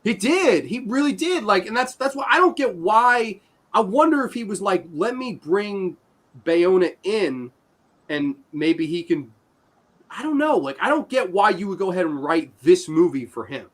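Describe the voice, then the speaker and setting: Animated high-voiced man reviewing movies. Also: moderate pace. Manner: animated, swearing, voices his own reactions. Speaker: podcast host. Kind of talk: casual movie review chat.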